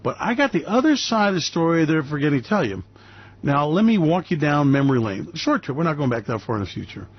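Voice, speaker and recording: A man hosting a market commentary radio show, talking in a loud, brash, sarcastic way and mocking people with put-on voices. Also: a little high, sing-song, quick pace, no echo. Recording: dry, slightly dull lo-fi recording.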